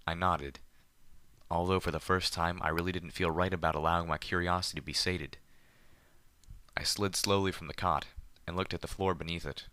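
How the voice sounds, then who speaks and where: A man reading a story aloud in the first person with a measured, deliberate delivery. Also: low-pitched, steady tone, bright, forceful tone, smooth, dry recording. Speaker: audiobook narrator.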